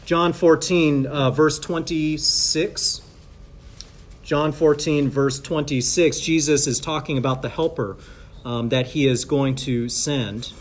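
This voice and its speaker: A man preaching a sermon in a conversational, halting way with many fillers and restarts, building to emphatic preaching. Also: a little high, steady tone. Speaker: pastor or Bible teacher.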